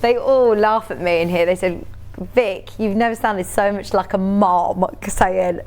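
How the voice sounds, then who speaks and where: Bubbly, chatty woman selling fabric on TV. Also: a little high. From United Kingdom. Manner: chatty and bubbly, laughs often. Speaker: shopping channel presenter. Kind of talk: live TV sales pitch.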